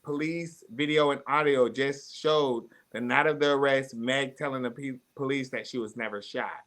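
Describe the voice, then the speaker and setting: A man's voice: mid-range voice, steady tone, moderate pace, a bit bright. A man co-hosting a casual commentary chat, talking in a blunt, profane, speculative way.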